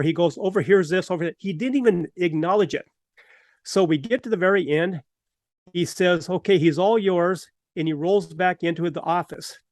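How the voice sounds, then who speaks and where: A podcast host, a man with a slightly high voice, relates an old anecdote in a lively storytelling way. He is close on the mic, and the sound is very dry with no room around it. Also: no room sound.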